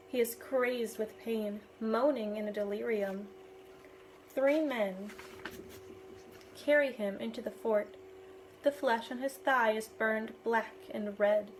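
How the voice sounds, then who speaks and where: A woman reading a novel aloud in a steady, expressive way. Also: fairly high pitch, a little hiss or hum, poor audio. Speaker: reader.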